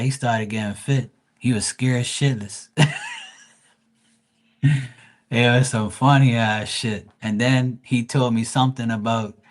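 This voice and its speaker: A man chats loosely while telling a story, a psychic reader on a livestream. He swears freely and rambles, often breaking off and restarting his sentences. His voice sits at an everyday middle pitch. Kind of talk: casual storytelling.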